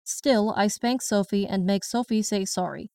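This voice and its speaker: A woman's voice: medium pitch, moderate pace, warm tone, dry recording, far from the mic, natural voice. A woman voices a stern Chinese grandmother in her late sixties, speaking broken English with a Chinese accent. She tells her story bluntly and with plain indignation, in an audiobook style. The voice sits a little off the mic in a dead, dry room. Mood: indignant. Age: 60s. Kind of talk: first-person audiobook narration.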